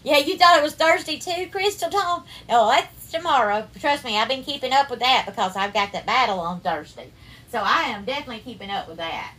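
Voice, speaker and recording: Her voice sits high and sounds husky, sharp, animated, and fairly quick. She's a Southern US woman chatting casually on a cooking livestream, welcoming viewers by name and addressing them as darling and sweetheart.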